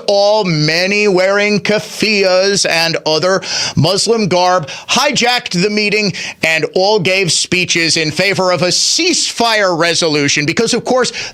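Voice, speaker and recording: Male radio host with a lively, swooping delivery, sarcastic and emphatic, ripping through an opinion monologue. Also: high-pitched.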